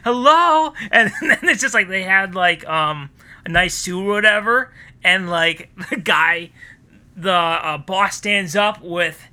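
A podcast co-host riffs through a casual comic chat in a high, very bright voice. He laughs often and slips into goofy skit voices mid-story. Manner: laughing, acting out silly skits in quick put-on voices.

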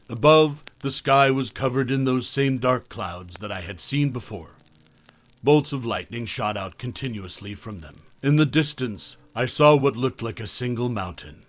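A medium-pitched man narrates a first-person horror story in a measured, scripted manner, with his phrases often fading off softly.

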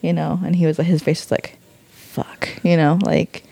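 Chatty young woman, mellow dry voice. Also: low voice, level tone, moderate pace, creaky, no echo. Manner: chatty, lots of "like" and "you know". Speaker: podcast co-host. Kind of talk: candid couple chat.

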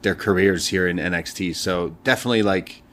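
A man's voice: low-pitched, a little fast, fairly bright tone. A young man co-hosting a review show in casual chat, talking loosely, retelling scenes and laughing often. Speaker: podcast co-host.

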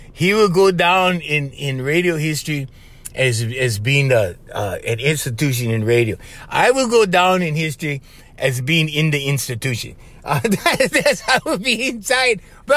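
A man with a Hawaiian Pidgin-tinged accent, hosting a podcast and telling stories in a loose, chatty way, often tossing in "bro" and "right?" and chuckling. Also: a little high. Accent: Hawaiian Pidgin-tinged English. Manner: animated, chatty, keeps saying "bro" and "right?", laughs between lines. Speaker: podcast host. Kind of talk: casual storytelling monologue.

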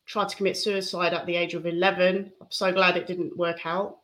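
A woman speaking candidly and reflectively as an interview guest, giving a personal testimony with soft laughs. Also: on the low side, little pitch movement, brisk.

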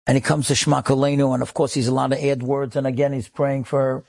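A man's voice: mid-range voice, little pitch movement, quick pace, darkish tone. A man, a rabbi, telling an inspirational story with emotive delivery that rises in intensity. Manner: emotive, builds to rising intensity.

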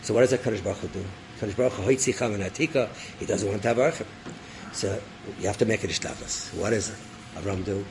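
A rabbi telling a story in a sermon, animated, acting out voices and dropping in Hebrew terms. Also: male voice, lowish voice, quick pace, noisy background. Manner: animated storyteller, acts out characters, laughs; sprinkles Hebrew and Yiddish terms.

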